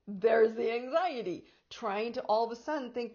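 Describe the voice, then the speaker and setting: A woman life coach talking casually to her viewers about anxiety, animated and quick to act out inner voices, with frequent laughs. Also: fairly high pitch, lo-fi sound. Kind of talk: casual spiritual talk to camera.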